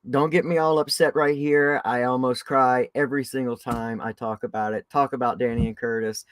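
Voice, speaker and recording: Guy hosting a live podcast stream, super excited and gushing, voice jumping up and down, dry sound. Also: no room sound. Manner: excitable and effusive, big swings in pitch and loudness. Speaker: podcast host.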